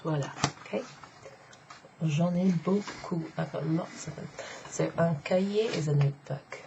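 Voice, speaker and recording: A middle-aged woman with a low, gravelly, mellow voice gives a casual online French lesson. She is chatty and explains step by step, repeating phrases slowly. The sound is slightly dull and lo-fi, with a faint hiss behind her. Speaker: French teacher.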